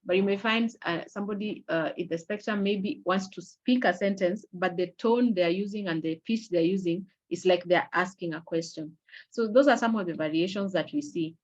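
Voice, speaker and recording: A middle-aged woman giving an online awareness lecture in a measured, explanatory way, pausing often on fillers and restarting her sentences. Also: fairly low pitch, dull audio. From Kenya. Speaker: webinar presenter. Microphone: video call.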